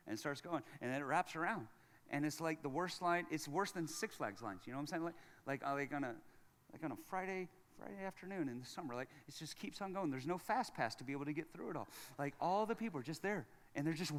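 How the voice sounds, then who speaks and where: Bright-voiced pastor preaching in a hall. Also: male voice, on the high side. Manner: conversational, jokey, swings from hushed to loud. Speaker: lead pastor. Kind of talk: sermon.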